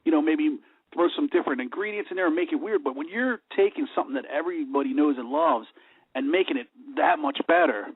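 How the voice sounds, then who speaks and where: A man's voice: a little high, big pitch swings, fast, vocal fry, slightly rough, dry recording. A male radio host asking questions eagerly and stumbling over repeated words. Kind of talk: casual radio interview. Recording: dry phone-like radio audio.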